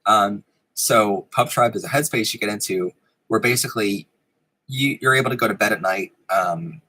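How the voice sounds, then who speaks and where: A man's voice: on the low side, normal speed, sharp tone, slightly rough, rough recording. A man hosting a live stream in casual chat, giggling often and rambling with frequent ums, in a room with a fan running. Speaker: host of a live-streamed show.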